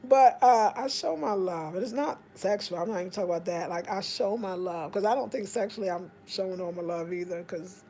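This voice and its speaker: A woman's voice: medium pitch, brisk, few pauses, a little hiss or hum. A woman with an African American accent telling stories casually, acting out what people said in a raised voice. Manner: animated, acts out quotes in raised voice. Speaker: vlogger. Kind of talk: casual storytelling.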